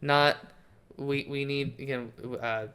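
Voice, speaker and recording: A man's voice: medium pitch, steady tone, slow pace, bright, forceful tone, smooth. A man co-hosting an album-review podcast, rambling and joking, often trailing off mid-thought. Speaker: podcast co-host. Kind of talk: casual album-review chat.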